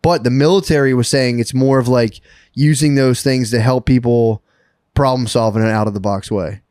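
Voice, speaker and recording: A man's voice: mid-range voice, steady tone, moderate pace, a little mellow, dry recording, studio quality. A man co-hosting a podcast, telling a rambling story in casual chat, with heavy swearing and laughing as he goes. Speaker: podcast co-host.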